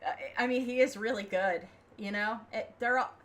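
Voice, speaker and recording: A woman's voice: a little high, moderate pace, fairly bright tone. A young American woman livestreaming, chatting casually and rambling with opinions, fillers and frequent laughs. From United States. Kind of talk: casual chat.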